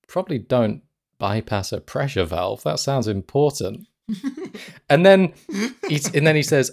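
Gravelly joking male podcast co-host. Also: fairly low pitch, expressive, a little slow. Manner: jokey, laughs often, quotes lines in mock voices. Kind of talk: casual chat reviewing a film.

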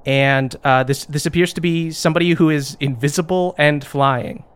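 A man narrating as the game master of a tabletop role-playing game, relaxed and easily amused. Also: fairly high pitch, moderate pace, clean tone.

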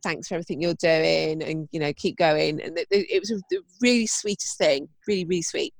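A woman's voice: deep voice, fairly quick, gravelly, no echo. A woman co-hosting a podcast, chatting enthusiastically. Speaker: podcast co-host. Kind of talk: casual chat.

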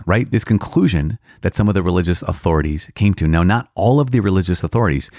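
A man's voice: sits low, animated, quick pace, hardly any pauses, a little mellow, dry recording, clean studio sound. A male priest explaining a catechism passage in an earnest, conversational way, stressing key words and often repeating himself. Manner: earnest, emphatic, repeats himself, occasional laughs. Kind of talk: conversational teaching on a catechism reading.

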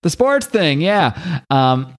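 A man co-hosting a podcast, casually recapping a comic book's story with plenty of restarts and quick lines for each character. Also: on the high side. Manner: animated retelling, quick voices for characters, frequent laughs and restarts. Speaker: podcast co-host.

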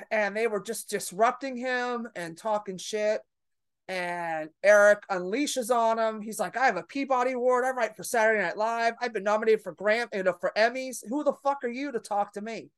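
A woman's voice: medium pitch, clear, resonant tone. A woman comedian telling a story in a podcast conversation, brash and profane, acting out the people in it. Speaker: comedian guest.

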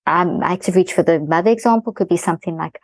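A middle-aged woman, a guest expert in an interview, explaining a parenting method in fast-flowing, animated talk. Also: on the low side, no room sound, rough recording.

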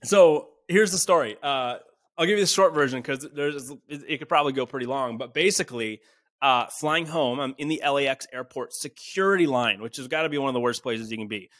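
A man in his twenties, from a small town in Canada, talking as a podcast guest. He tells his story in a lively, casual way and acts out the dialogue he quotes. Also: medium pitch, a little fast, no echo. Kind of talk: animated storytelling in conversation.

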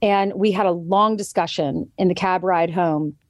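A woman's voice: fairly low pitch, moderate pace, dry recording, studio quality. A woman in her thirties chatting as a guest and telling a parenting story, quoting others vividly as she goes. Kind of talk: casual chat.

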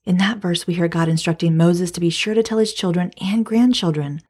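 A woman teaching the Bible, reading scripture aloud and adding commentary in a calm, measured way. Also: fairly low pitch, breathy edge.

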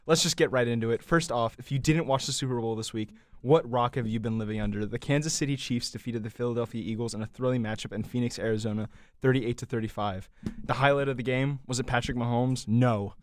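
A young man hosting a short sports news segment, reading a scripted roundup briskly with wry asides. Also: mid-range voice, dry recording.

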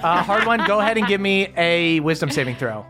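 A man's voice: sits high, expressive, brisk, pushed and bright, soft background music. A man narrating as game master of a tabletop game, loose and laughing, with plenty of fillers.

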